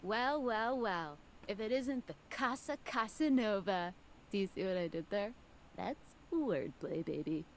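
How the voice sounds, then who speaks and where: A smug flirty charmer. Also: female voice, mid-range voice, animated, measured pace, slight background noise. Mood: flirtatious. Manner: smooth, teasing, self-satisfied. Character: smug flirtatious charmer who loves wordplay.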